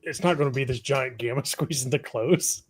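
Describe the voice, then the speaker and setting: A man's voice: medium pitch, moderate pace, breathy edge. A man co-hosting a casual live stream over a video call, explaining at length and laughing mid-sentence.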